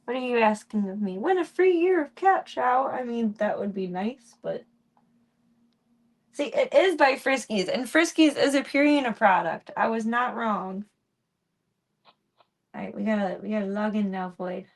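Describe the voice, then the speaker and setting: A woman streaming casually from home, chatting with viewers and talking softly to her cats. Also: medium pitch, normal speed, long pauses. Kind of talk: casual live-stream chat.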